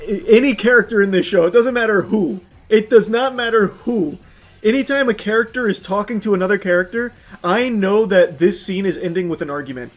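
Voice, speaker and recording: A young man with a high voice ranting animatedly on a livestream, swearing and laughing as he goes. Faint music plays behind him, and his talk swings from loud outbursts to mumbled asides. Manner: animated, profane, laughing often. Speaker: streamer. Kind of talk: casual livestream rant.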